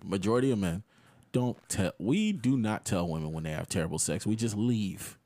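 An animated young man leads a casual podcast talk. He fires off questions, laughs easily and speaks in loose slang. His pitch swings widely from line to line. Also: normal speed. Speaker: podcast host. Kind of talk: casual chat.

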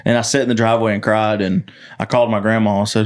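A young podcast host who also sings country chats casually, telling stories fast in a lowish voice. Animated and full of swearing, he acts out the voices of people he quotes.

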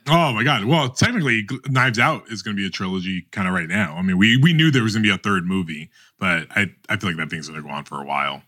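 A man chatting on a podcast roundtable in a bright, forceful voice that sits fairly low. He talks animatedly and often cuts himself off to restart a thought. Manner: animated, self-interrupting, quick restarts. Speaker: podcast host. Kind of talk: casual roundtable chat.

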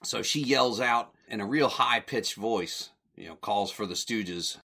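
A man with a fairly low voice and a bright, forceful edge recaps an old comedy short in a loose, conversational way. He rambles, corrects himself and chuckles as he goes. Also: measured pace, creaky, breathy edge. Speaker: podcast host.

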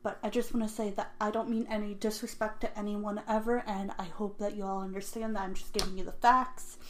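A woman's voice: mid-range voice, level tone, brisk. A young woman hosting a casual true-crime podcast, talking in a rambling, nervous, self-deprecating way. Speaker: podcast host. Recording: echoey room.

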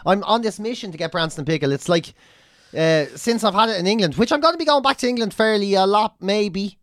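A man's voice: high-pitched, expressive, fast, a bit bright, dry recording. An Irish man co-hosting a podcast, chatting casually and ranting with lots of swearing. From Ireland. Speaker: podcast co-host, comedian.

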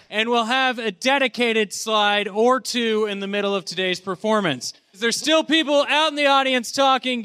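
A man with a high, bright voice runs a live comedy panel like a lecture. He keeps a deadpan, mock-academic tone, and his voice sounds clean and crisp. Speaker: podcast host. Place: convention panel room with live audience.

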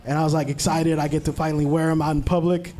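A man's voice: a little high, flat delivery, fast talker, dark tone. A man hosting a live podcast in a bar, joking around and stumbling into his questions. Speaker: podcast host. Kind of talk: casual live interview banter.

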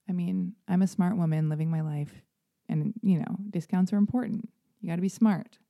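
A woman hosting her own podcast, rambling through a story in a self-deprecating way and jumping into high, animated voices when she quotes people. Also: fairly quick, gravelly. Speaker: podcast host. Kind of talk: casual solo podcast monologue.

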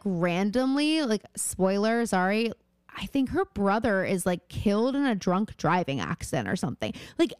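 A woman's voice: mid-range voice, a little mellow, smooth, dry recording, studio quality. Chatty young woman podcast co-host. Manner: chatty, rambling, lots of fillers and giggles. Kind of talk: casual chat.

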